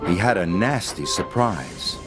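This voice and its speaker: A man narrating a children's storybook in an expressive, measured way. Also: deep voice. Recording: loud music under the voice.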